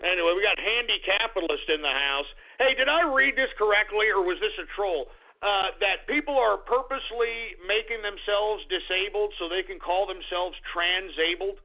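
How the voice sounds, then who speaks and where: A man hosting a call-in talk radio show, ranting and combative with a profane, gruff delivery. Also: high voice, normal speed. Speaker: radio host. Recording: tinny phone-like lo-fi audio.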